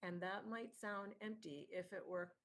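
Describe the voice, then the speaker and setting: A woman's voice: mid-range voice, fairly even intonation, normal speed, close to an everyday voice. A woman channeling a playful, loving departed spirit who jokes and keeps promising that all will be okay. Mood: playful reassuring. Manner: jokey, reassuring, repeats comforting phrases.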